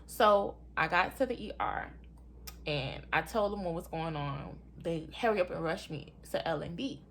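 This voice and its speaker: There's vocal fry and a faint hiss or hum as a young woman animatedly shares her own story with her viewers. Calling them "y'all" again and again, she acts out others' remarks in a high voice.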